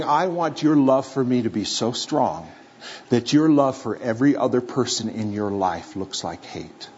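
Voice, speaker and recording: A man preaching a sermon to a live congregation, telling a story with playful acted-out voices. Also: medium pitch. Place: church or hall with a live audience. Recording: slightly dull recording with faint room noise.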